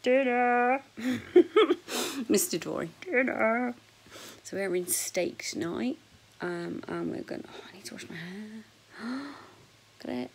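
A woman in her forties with a husky voice, chatting frankly and jokily to camera in a casual vlog, sometimes dropping to a whisper. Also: on the low side, moderate pace, a little mellow, rough recording. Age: 40s. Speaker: vlogger.

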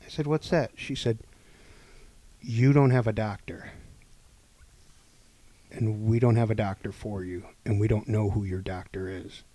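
A man on a podcast telling a long story casually, acting out the people in it and swinging between loud and hushed delivery. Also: on the low side, measured pace, long pauses. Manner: animated, acts out quoted dialogue, swings between loud and hushed. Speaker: podcast co-host.

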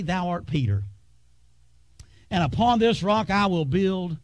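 A man preaching a sermon in a church, with a drawl, dramatic pauses and sudden drops to a hush. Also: fairly high pitch, animated, no room sound. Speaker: pastor. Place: church sanctuary.

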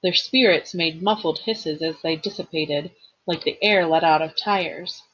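A woman, a teacher, reading a novel aloud with expressive storytelling and the occasional slip and reread. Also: low voice, unhurried, slightly rough, muffled recording.

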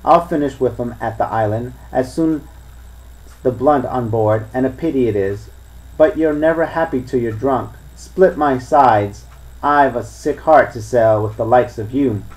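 A sly older pirate chief lectures his men in rough sailor's talk, voiced by a man reading a storybook aloud. He is smooth and persuasive, and he lays down the law. The voice sits in an ordinary middle register. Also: medium pitch, measured pace, darkish tone, lightly acted, low-quality recording. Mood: lecturing. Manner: coaxing, lecturing sea talk. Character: crafty older male pirate, smooth-talking and commanding.

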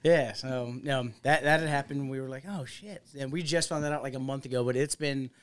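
A man hosting a casual podcast, telling stories in a lively way, acting out other people's lines and laughing often. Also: mid-range voice, brisk, clean tone. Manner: animated storyteller, acts out quotes, laughs often, swears. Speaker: podcast host. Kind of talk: casual chat.

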